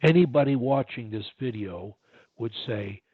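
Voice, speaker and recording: A man coaching a client on speaking, emphatic and deliberate, repeating his key points. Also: medium pitch, slightly rough, no echo. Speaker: speech coach. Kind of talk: coaching session. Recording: dry tinny phone-like line.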